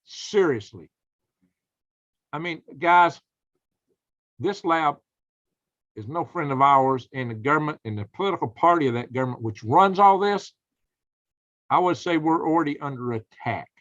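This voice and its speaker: A man's voice: a little high, normal speed, long pauses, a bit bright, dry recording, lo-fi sound. A man hosting a late-night live stream, chatting with viewers in a folksy way and exclaiming in outrage at the news. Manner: folksy, exclaims in outrage, laughs at own jokes.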